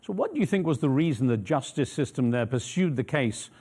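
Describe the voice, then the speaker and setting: A man's voice: mid-range voice, lively intonation, a little fast, dark tone, slightly rough. A man interviewing a guest for a news channel, asking long, probing questions. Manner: probing, rambling questions with fillers.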